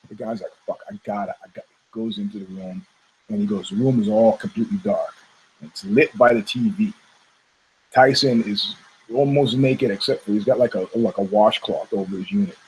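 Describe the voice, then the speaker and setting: A man's voice: lowish voice, normal speed, a little mellow, husky, low-quality recording. An American man hosting a podcast, telling a long story in casual, profane style and acting out the people he quotes. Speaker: podcast host.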